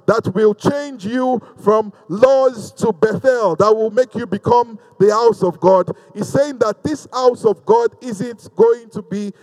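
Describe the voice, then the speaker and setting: A man's voice: sits high, slow, few pauses, darkish tone, long reverb tail, low-quality recording. A middle-aged man preaching a sermon, reading scripture and calling on the congregation to respond. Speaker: pastor.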